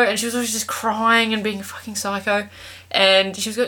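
A woman's voice: mid-range voice, fairly quick. A woman co-hosting a podcast, chatting casually and swearing freely as she retells a show. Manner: sweary, animated retelling with mock quotes. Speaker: podcast co-host. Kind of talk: casual chat.

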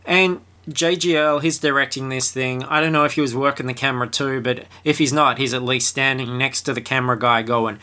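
Bright-voiced man giving a crude comic film review. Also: medium pitch, fairly even intonation, moderate pace, few pauses. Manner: irreverent, crude and sarcastic. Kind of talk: comedic film review monologue.

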